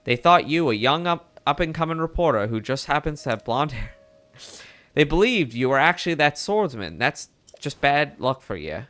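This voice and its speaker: A man voicing an eager male bird reporter, put-on Mid-Atlantic accent, raised pitch, lively swooping delivery, folksy and brisk. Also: faint music behind. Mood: chummy. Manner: brisk, folksy, keeps saying partner.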